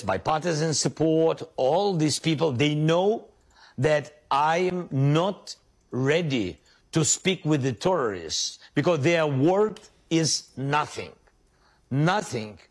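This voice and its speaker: A man answers an interviewer's question in measured, halting English. He speaks slowly, repeating words as he builds his answer, in a clip played from a news interview. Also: a little high, vocal fry. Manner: halting, repetitive non-native English. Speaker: interviewed national leader.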